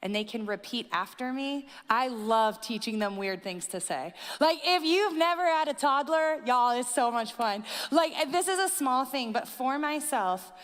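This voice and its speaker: Woman pastor, young adult, chatty storyteller, fairly high voice, long hall reverb. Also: a little slow, few pauses. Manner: chatty, animated storyteller, casual fillers. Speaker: student ministry and teaching pastor. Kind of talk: conversational sermon with anecdotes. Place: church auditorium.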